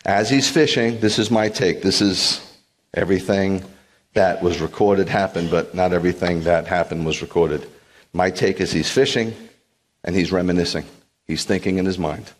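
A middle-aged rabbi with a low voice preaches to his congregation. He retells the story with drama, acting out the people in it, sometimes loud and sometimes hushed. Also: fairly even intonation, normal speed. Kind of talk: sermon.

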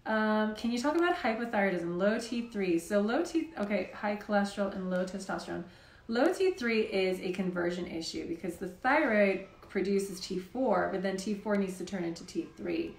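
A woman's voice: medium pitch, expressive, moderate pace, roomy sound. A woman hosting a live health Q&A, talking in a casual, chatty way with lots of "like". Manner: chatty, says "like" often. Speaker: health show host.

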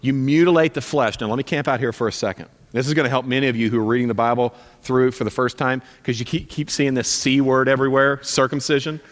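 A man's voice: mid-range voice, steady tone, fast, few pauses, a bit bright, in a large hall. A man preaching a sermon as pastor in a church, direct and emphatic, repeating his commands for force. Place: church sanctuary.

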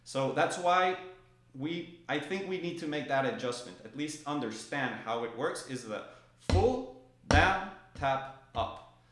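A man's voice: mid-range voice, normal speed, fairly bright tone. Man calling out drum strokes. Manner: calls out stroke names rhythmically while playing. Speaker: drum teacher. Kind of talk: instructional demonstration. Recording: echoey room with drums. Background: drum playing.

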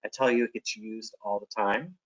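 A man's voice: lowish voice, steady tone, moderate pace, muffled recording. A man who is a teacher presents classroom strategies in a friendly, practical way and demonstrates examples by acting them out.

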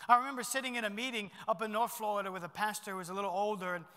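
A middle-aged pastor preaching a sermon in a church, animated and swinging between loud bursts and hushed asides. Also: male voice, sits high, very fast, smooth, big-room sound.

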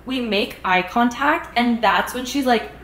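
A young woman co-hosting a podcast, telling a story in animated casual chat with lots of fillers, acting out what people said. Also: fairly high pitch, a little slow, roomy sound, a little hiss or hum. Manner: animated storytelling, acts out quotes, many fillers. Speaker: podcast co-host.

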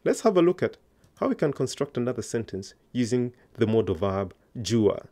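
A man's voice: medium pitch, sing-song, normal speed, warm tone. A man teaching an online language lesson, patiently coaxing learners to answer aloud.

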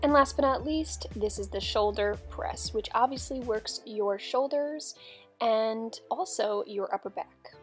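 A young woman with a voice a little on the high side explains a dumbbell routine in a chatty, upbeat voice-over. She keeps it instructive but friendly, like talking to her followers, while faint music plays underneath. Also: measured pace. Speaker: fitness vlogger.

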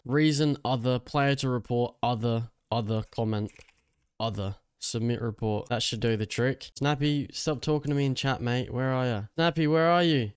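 A man's voice: medium pitch, clean tone, no room sound, studio quality. A young man trolling other players with cheeky, mocking commentary over game voice chat. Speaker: gaming YouTuber.

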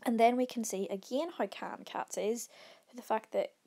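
A woman's voice: on the high side, fairly even intonation, moderate pace, vocal fry, warm tone. A woman teacher talking through exam answers, explaining patiently, with frequent ums and short readings from the text. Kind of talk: exam revision walkthrough.

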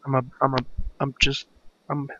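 Slow, cursing young gamer man. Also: medium pitch, lo-fi sound, background noise. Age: young adult. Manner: cursing, exasperated muttering at the game. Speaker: let's play commentator. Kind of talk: frustrated gameplay commentary. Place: room at his parents' home.

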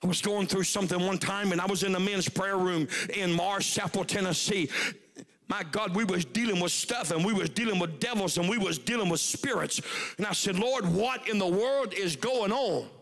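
Revival preacher, man, gravelly, pitched high, shouts and hushes. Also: brisk. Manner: shouting, swinging from loud to hushed. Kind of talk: revival sermon.

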